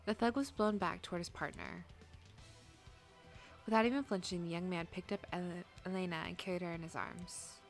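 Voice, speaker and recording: A woman game streamer at a mid pitch who reads the story aloud and then cuts in with loud, crude jokes. Faint music plays behind her. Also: moderate pace. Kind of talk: casual gameplay commentary and reading.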